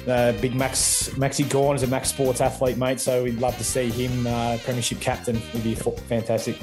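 A man's voice: mid-range voice, normal speed, music in the background. A man in his thirties with an Australian accent, a former footballer chatting casually as an interview guest and calling the host mate. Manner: relaxed, laid-back, says mate often.

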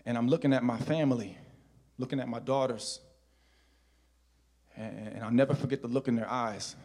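A male pastor preaching a storytelling sermon, swinging between hushed, intimate passages and loud, shouted exhortation. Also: mid-range voice, fairly even intonation, normal speed.

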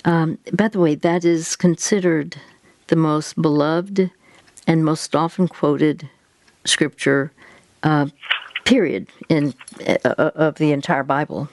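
A woman's voice: deep voice, fairly even intonation, slow pace, darkish tone. A woman hosting an advice talk, patiently guiding a caller step by step. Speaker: host giving faith-based advice.

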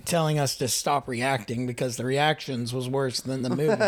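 A man's voice: medium pitch, slight background noise. A young man hosting a casual podcast chat, joking, laughing often and swearing casually. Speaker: podcast host.

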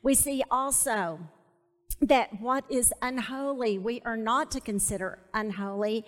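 A woman with a high voice leads a Bible study sermon, taking her time over each phrase. She speaks emphatically, repeating key words and inviting the audience to say them back to her. The recording carries the long reverb of a large hall. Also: unhurried. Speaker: Bible teacher.

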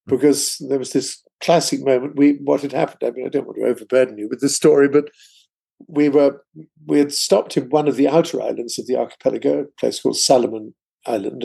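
A man's voice: medium pitch, creaky, mellow, husky. An older man, a guest author, telling a long anecdote in conversation, rambling with many asides. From England. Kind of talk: storytelling in conversation.

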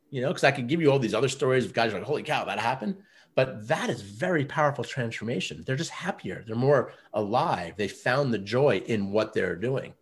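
A man's voice: medium pitch, slightly rough. A man who runs a men's coaching program, telling stories in a casual interview with lots of fillers. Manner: earnest, storytelling, many fillers like "you know" and "like".

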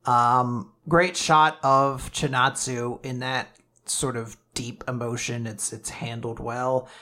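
A podcast co-host chatting casually about manga, animated and sweary, acting out the characters' lines. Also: mid-range voice, slow pace.

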